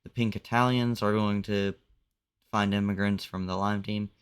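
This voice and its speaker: Low, smooth-voiced man narrating casually. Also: fairly even intonation, normal speed. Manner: loose, conversational, uses "like" a lot. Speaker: commentator. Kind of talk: casual narration of a map simulation.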